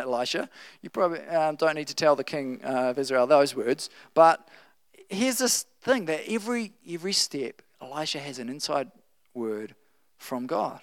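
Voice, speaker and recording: A man preaching a sermon, reading scripture and acting out the quotes with playful, animated asides. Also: on the high side, no echo.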